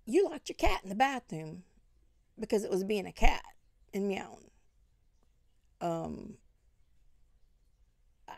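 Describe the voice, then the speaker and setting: A woman's voice: fairly high pitch, vocal fry, a little mellow, no room sound, clean studio sound. A woman scolding another online creator in a commentary vlog, indignant and full of rhetorical questions. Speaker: commentary vlogger.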